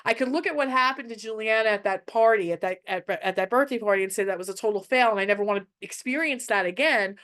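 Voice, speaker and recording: A woman's voice: mid-range voice, quick pace, few pauses, fairly bright tone. A mother telling a personal parenting story in a casual, candid way, often restarting her phrases. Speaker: mother sharing parenting advice.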